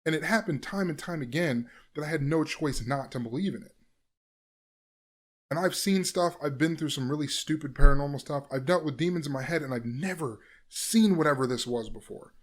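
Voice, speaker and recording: A young man recounts a frightening encounter in a casual, profane storytelling voice. His pitch sits slightly high for a man, and he swings between loud, punchy bursts and hushed, dropped asides. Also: fairly quick. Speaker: vlogger telling a personal story.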